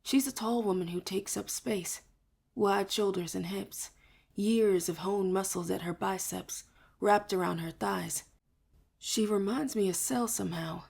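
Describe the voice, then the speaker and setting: A woman reading a first-person novel aloud in a soft, hushed way, often near a whisper. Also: mid-range voice, unhurried, vocal fry, breathy edge. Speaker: audiobook reader. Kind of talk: first-person audiobook narration.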